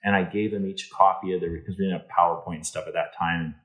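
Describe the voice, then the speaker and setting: Deep-voiced man telling a story. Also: fast, rough recording. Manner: animated storyteller, acts out quoted dialogue, many restarts. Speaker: interview guest, insurance executive. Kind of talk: storytelling in a podcast interview.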